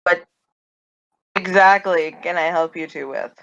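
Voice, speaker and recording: A woman's voice: on the low side, fairly even intonation, a little slow, fairly bright tone, dull audio, voice pushed down. A woman voicing a smug, guarded captive woman in a tabletop game, speaking with a dry, weary manner. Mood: wary.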